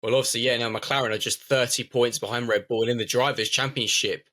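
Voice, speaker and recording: Brisk male motorsport news host. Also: medium pitch, fairly even intonation, bright, forceful tone. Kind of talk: news-style presenting and casual chat.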